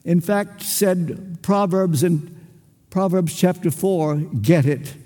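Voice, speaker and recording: Preaching a sermon, an older man speaks with emphasis and measured phrasing, voicing small exchanges between people and leaving long silences. His voice is high but mellow and echoes in a reverberant hall.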